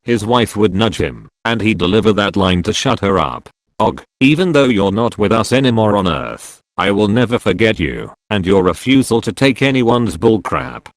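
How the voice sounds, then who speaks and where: Male narrator, low voice, lively read, dry. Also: normal speed, dry recording. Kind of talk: scripted story narration.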